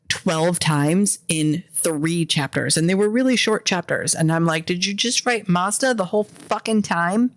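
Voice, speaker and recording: Gravelly, swearing, animated, American accent, woman, podcast rant, dry room. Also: low-pitched, dry recording. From American, Philadelphia area. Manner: profane, animated, self-interrupting. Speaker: indie author and podcast host. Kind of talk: casual ranting monologue.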